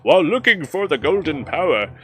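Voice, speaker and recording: A man's voice: a little high, sing-song, brisk, bright, forceful tone, faint music behind. A man putting on a chatty old hermit. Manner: shaky elderly voice, chatty. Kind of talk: reading game dialogue aloud.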